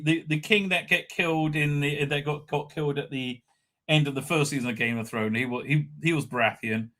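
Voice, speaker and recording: A man's voice: a little high, sharp tone. A man hosting a live stream, casually recapping an episode in a rambling way, with many stammered restarts and a habit of tagging sentences with "right?".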